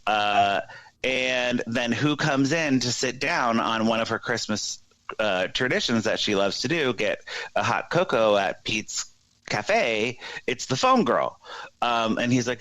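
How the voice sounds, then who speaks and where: A man co-hosting a podcast, retelling a movie plot in a casual, animated way. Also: mid-range voice, a little slow, no room sound, low-quality recording. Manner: animated storytelling with put-on voices for characters. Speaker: podcast co-host. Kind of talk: casual chat, plot recap.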